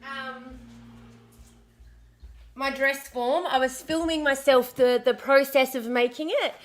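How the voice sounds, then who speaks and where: A woman hosting a casual livestream, chatty and bubbly, a little hoarse as her voice comes back after being sick. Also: sits high, fairly even intonation, takes it slowly. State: recovering from lost voice, slightly hoarse. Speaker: livestream host.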